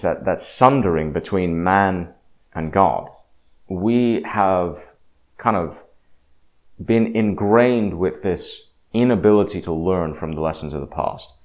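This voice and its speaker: A man's voice: low voice, darkish tone. A man talking casually and frankly about faith and death, rambling with frequent restarts. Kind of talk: casual religious reflection.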